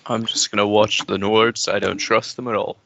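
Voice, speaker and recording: Low, bright-toned male player, dry humor, lo-fi. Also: level tone, normal speed, vocal fry, no room sound. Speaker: tabletop game player. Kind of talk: casual chat in character. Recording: muffled lo-fi audio.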